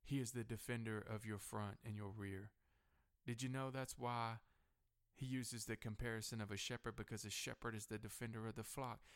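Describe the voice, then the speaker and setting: A male pastor preaching a sermon who builds repeated refrains to higher, louder peaks and drops to a softer, slower voice for personal testimony. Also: steady tone, clear, resonant tone.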